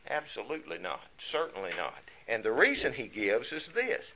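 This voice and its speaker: A man's voice: medium pitch, very animated, moderate pace, gravelly, pushed and bright, slight background noise, rough recording. A man preaching a sermon, emphatic, asking rhetorical questions and answering them himself.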